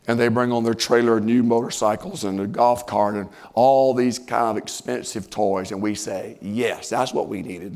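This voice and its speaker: A pastor preaching a sermon in church, reading scripture and giving folksy everyday examples; his voice strains and rises when he gets excited. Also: medium pitch. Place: church sanctuary.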